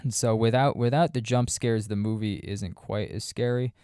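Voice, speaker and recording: A man's voice: fairly low pitch, steady tone, normal speed, warm tone, clear, resonant tone, no room sound, studio quality. A man hosting a podcast, casually reviewing a horror movie in a wry, sarcastic, rambling way. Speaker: podcast host.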